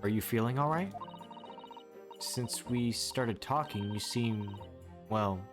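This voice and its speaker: A man voicing a polite, earnest young woman who speaks formally and gently, reading over game music. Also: medium pitch, takes it slowly, close to an everyday voice. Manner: formal, gentle, devoted phrasing.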